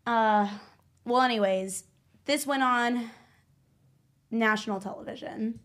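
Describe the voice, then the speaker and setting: Brief: woman guest, fairly high, animated storyteller, cheeky. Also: slow. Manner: animated storyteller, playful and brash. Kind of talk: casual podcast chat.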